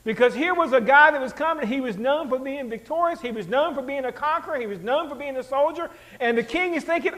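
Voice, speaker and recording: Male pastor, very high voice, conversational animated sermon delivery. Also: a little fast, rough recording. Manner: animated, conversational, rhetorical questions to the congregation.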